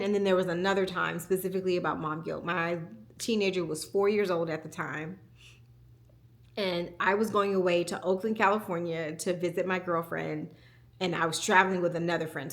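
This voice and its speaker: A woman in her forties, a communication coach, telling a candid personal story in a home vlog, reflective and quick to laugh. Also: on the low side, fairly even intonation, bright, forceful tone.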